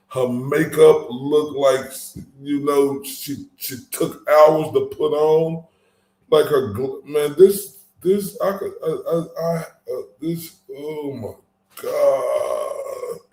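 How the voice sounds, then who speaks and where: A man's voice: on the high side, slow, warm tone, echoey room. A man hosting his own channel, giving heated, profane commentary with angry emphasis and frequent stumbling restarts.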